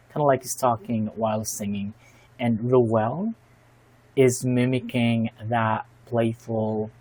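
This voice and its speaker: A man's voice: medium pitch, darkish tone, poor audio. A man hosts a reaction video, giving thoughtful and admiring commentary with frequent fillers and restarts. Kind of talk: casual spoken commentary.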